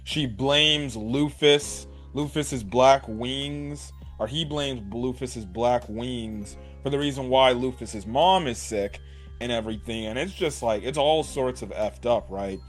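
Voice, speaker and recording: A man giving a casual, animated recap of an anime episode, swearing and saying "like" a lot. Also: mid-range voice, takes it slowly, faint music behind. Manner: animated, swears, many "like"s and "right?". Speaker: anime reviewer.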